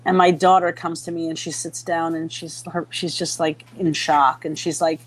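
A middle-aged woman from Minnesota telling a story in a casual chat, lively and often acting out the voices of people she quotes. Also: sits low, normal speed. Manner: animated, acts out quoted voices, many restarts. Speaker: podcast guest.

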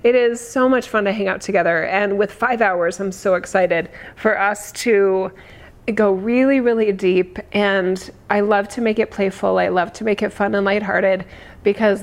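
Hoarse, gravelly woman chatting. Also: medium pitch. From United States. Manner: chatty, effusive, laughs often. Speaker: livestream host. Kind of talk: casual livestream chat reading comments.

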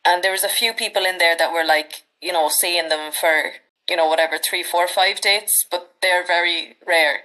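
Irish woman, 30s, lowish voice, lively storyteller who swears freely. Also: moderate pace, poor audio. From Ireland. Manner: chatty, animated anecdotes with frank swearing. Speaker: podcast guest. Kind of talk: casual storytelling chat.

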